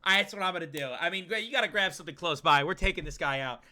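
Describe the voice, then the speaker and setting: A young man streamer giving excitable, profane let's play commentary while riffing with his chat. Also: high voice, racing. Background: game music.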